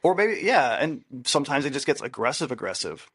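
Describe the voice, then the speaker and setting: A man's voice: mid-range voice, sing-song, a little fast, fairly bright tone, breathy edge. A man co-hosting a podcast as a therapist, giving relationship advice in casual chat, stressing and repeating his key rules. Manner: emphatic, repeats key rules, acts out quoted lines.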